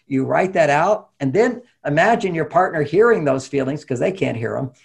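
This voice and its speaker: Brief: male interview guest, gravelly and a little husky, animated advice-giver. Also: a little high, normal speed. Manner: animated, acts out quoted voices, laughs often. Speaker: relationship author and guest. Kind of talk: conversational interview talk.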